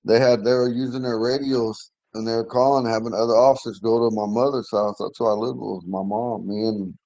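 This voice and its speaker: A man in his forties, slightly hoarse, telling a long personal story in a casual, rambling way, often restarting and clearing his throat. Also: medium pitch, steady tone, brisk, darkish tone, no room sound, low-quality recording. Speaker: language class member telling a story.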